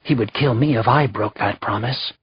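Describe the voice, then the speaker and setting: A man's voice: medium pitch, moderate pace, breathy edge, muffled recording. A man voicing a proud, wounded young queen who speaks with resentful dignity.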